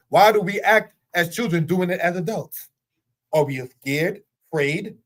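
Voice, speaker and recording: A middle-aged man teaching a religious lesson in an earnest, repetitive way, full of rhetorical questions. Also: high voice. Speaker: Torah teacher. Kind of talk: spoken teaching monologue.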